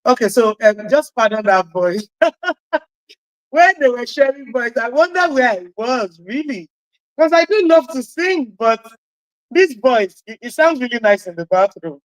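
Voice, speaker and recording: A woman hosting a radio talk show, chatty and encouraging, with a loud voice. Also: a little high, expressive, moderate pace, dry recording, lo-fi sound. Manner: encouraging, chatty, laughs at herself. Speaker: radio host.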